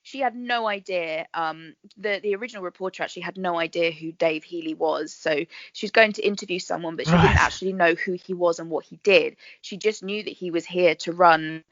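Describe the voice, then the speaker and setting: A woman, a guest actress chatting in a podcast interview, bubbly and quick to laugh as she tells her stories. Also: fairly low pitch, fairly bright tone, no echo, dull audio. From England. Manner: chatty, bubbly storyteller who laughs often.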